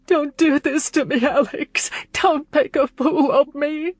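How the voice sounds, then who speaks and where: A woman's voice: on the high side, level tone, a little slow, no room sound, pitched above the performer's own voice. A woman reader voicing a distraught young noblewoman who sobs and pleads in a raised, tearful voice, in a storybook reading. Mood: distraught pleading.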